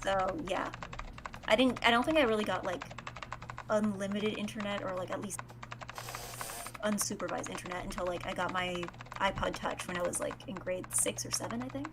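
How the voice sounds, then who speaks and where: A woman's voice: medium pitch, normal speed, background noise. A woman in her twenties hosting a game stream, chatting casually with plenty of filler words. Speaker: streamer host.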